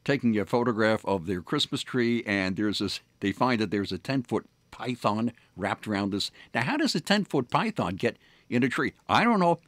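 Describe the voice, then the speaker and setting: A man's voice: medium pitch, no room sound. A man hosting a morning radio show, telling stories in a rambling way with many fillers and restarts. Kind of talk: casual on-air storytelling. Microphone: studio microphone.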